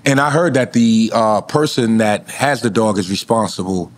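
A man as a podcast guest in casual chat, laid-back and profane, drawing out his thoughts slowly. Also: on the low side, a little hiss or hum.

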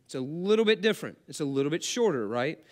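A man's voice: a little high, sing-song, quick pace. A man preaching a sermon as pastor, talking conversationally and asking the congregation questions.

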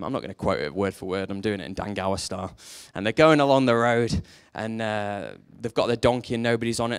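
A man preaching a sermon, telling a story with lively energy and briefly acting out the characters in it. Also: medium pitch, clean tone. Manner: animated storytelling, acts out quoted characters.

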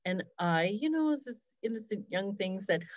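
A woman's voice: mid-range voice, animated, normal speed, no echo, muffled recording. A woman, a hospice fundraiser, telling stories in a casual, reflective interview over a video call.

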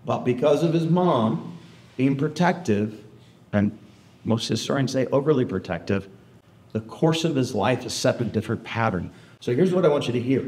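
A man, a historian, tells an animated story to an audience and keeps checking in with them. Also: mid-range voice, normal speed. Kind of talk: storytelling lecture. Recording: roomy hall echo.

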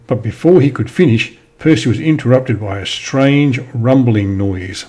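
A man reading a children's story aloud in an expressive storytelling manner. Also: mid-range voice, normal speed, few pauses, husky. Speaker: storybook reader.

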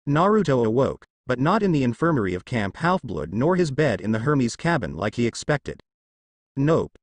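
Lively male storyteller, dry close sound. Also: mid-range voice, normal speed, dry recording. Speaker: narrator. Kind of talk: reading fan fiction aloud.

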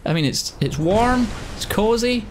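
A man giving casual gameplay commentary as a let's play host, excitable and swearing a lot. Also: high voice, a little slow, background noise.

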